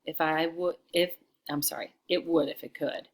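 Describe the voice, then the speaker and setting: Brief: teacher, woman, low voice, chatty, reading aloud with expression. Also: steady tone, normal speed. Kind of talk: read-aloud lesson.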